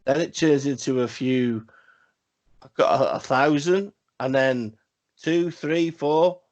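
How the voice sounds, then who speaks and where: A man's voice: medium pitch, slow, a little mellow, muffled recording. A man co-hosting a casual wrestling podcast, talking in a rambling, profane way with emphatic repeats. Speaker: podcast co-host.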